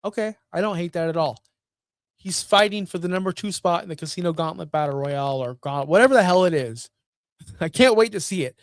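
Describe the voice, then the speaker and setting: Male host, casual rant commentary, blunt and exasperated, higher voice, dry sound. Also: a little fast, dry recording. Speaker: wrestling show host.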